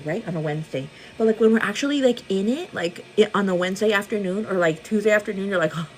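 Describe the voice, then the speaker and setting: Chatty husky-voiced woman in her thirties. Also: medium pitch. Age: 30s. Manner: chatty, answers viewer comments, says "girl" often. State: pregnant with twins. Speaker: livestream host. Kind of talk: casual livestream chat while doing makeup.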